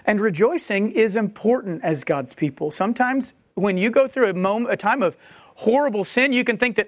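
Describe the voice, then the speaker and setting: A woman delivers a sermon in a high, swooping voice. She preaches conversationally, with animated asides. The sound is dry and close, with no room echo. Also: brisk.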